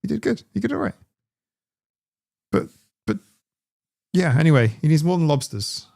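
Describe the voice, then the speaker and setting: A man's voice: a little high, big pitch swings, moderate pace, vocal fry, a little mellow. A man hosting a live stream, chatting casually in a rambling, digressive way. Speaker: streamer host.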